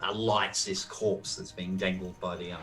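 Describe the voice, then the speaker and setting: A man's voice: sits low, level tone, normal speed, fairly bright tone. A man acting as game master in an online tabletop game, patiently explaining the rules step by step. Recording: distant voice with faint music.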